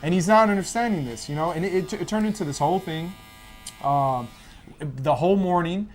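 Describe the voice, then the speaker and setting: A man, a guest in a barbershop chair, casually telling a lively family story and acting out the voices in it. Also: on the high side, brisk, a little hiss or hum. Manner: animated, acts out family dialogue.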